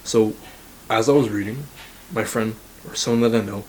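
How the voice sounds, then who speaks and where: A man's voice: on the low side, normal speed, a little mellow, a little hiss or hum, rough recording. An eighteen-year-old man from Canada giving blunt, casual self-improvement advice to camera as a university student, swearing freely and saying "like" a lot. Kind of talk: motivational talk to camera.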